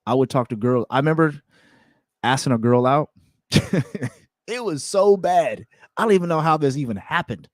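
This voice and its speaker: A young man hosting a self-improvement show, telling a personal story in a candid, repetitive, animated way. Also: on the high side, moderate pace, pauses often, dry recording, clean studio sound. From California. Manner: candid, repeats words, animated retelling with laughs. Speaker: self-improvement podcast host.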